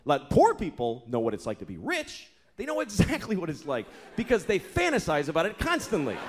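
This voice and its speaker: A man's voice: on the high side, wildly swooping pitch, a little fast, hardly any pauses. A man in his thirties performing a stand-up comedy set on a club stage, telling exasperated, profane stories and acting out the people in them. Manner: profane, exasperated storytelling with acted-out quotes. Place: comedy club stage before a live audience. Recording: live club recording with crowd and faint noise. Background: audience laughter.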